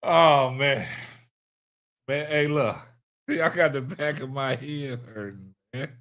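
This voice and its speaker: A man's voice: medium pitch, slow pace, a bit bright. A man hosting a live stream, laughing hard and whooping between casual remarks to his chat. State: laughing to tears. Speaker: livestream host.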